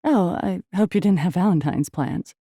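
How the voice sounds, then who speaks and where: A woman narrator voicing a brisk, demanding ex-wife in an audiobook, her tone clipped and unsympathetic. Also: on the low side, mellow, slightly rough, dry recording, clean studio sound.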